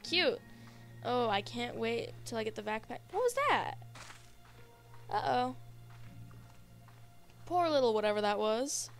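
A young woman casually commenting on a game she plays, gushing and easily excited, talking to the creatures on screen. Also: on the high side, a little slow, long pauses, faint music behind. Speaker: gaming video host. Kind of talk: casual let's-play commentary.

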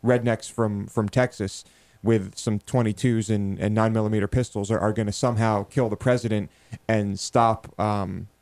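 A male co-host with a slightly low voice talks the news through in a wry, dismissive way, building his point slowly. The studio sound is dry and close. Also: steady tone, darkish tone, dry recording. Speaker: talk show co-host. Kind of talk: political talk show banter.

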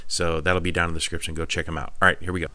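A man hosting a reaction video, chatting casually and excitedly, saying "dude" often. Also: low voice, rapid-fire. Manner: excitable, laid-back, says "dude" often.

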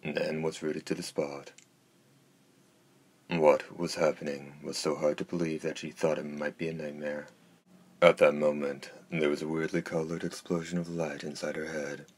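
A man narrating an audiobook in a steady, measured reading. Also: very deep voice. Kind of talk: scripted narration.

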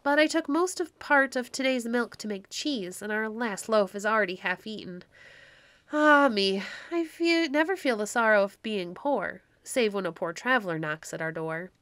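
A woman voicing a poor, fretful, hospitable old woman in a storybook reading, high and earnest. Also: expressive, moderate pace, fairly bright tone, no room sound. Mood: apologetic.

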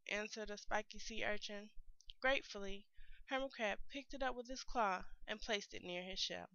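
A woman reads a children's picture book aloud, telling it clearly and expressively like a teacher. Her voice is bright, crisp and slightly high. The recording is dry and a bit dull. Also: normal speed, no room sound.

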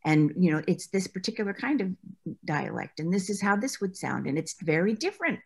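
A woman's voice: fairly low pitch, sing-song, a little fast, vocal fry, slightly rough. A woman guest in an interview, chatty and anecdotal, often laughing as she recalls her acting work. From United States. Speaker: interview guest, former actress. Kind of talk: conversational interview.

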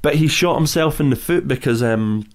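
A man hosting a casual chat, telling stories with fillers and restarts. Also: fairly high pitch. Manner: storytelling, halting with fillers and restarts. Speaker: host.

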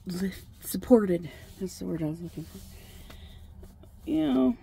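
In her vlog, partly filmed by a lake, a woman talks casually and at length to the camera, softly addressing a duck along the way. She has a husky mid-range voice with vocal fry and speaks at a normal speed.

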